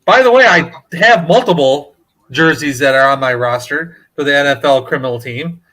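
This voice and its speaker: A man co-hosting a podcast, telling stories in an excitable, animated way in casual chat. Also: fairly high pitch, normal speed, a crowd in the background. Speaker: podcast co-host.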